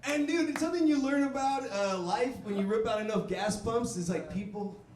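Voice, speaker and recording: Talking fairly quickly in a high, darkish-toned voice, a male comic rambles through a crude set full of laughter and crowd work. It's recorded from afar in an echoey comedy club.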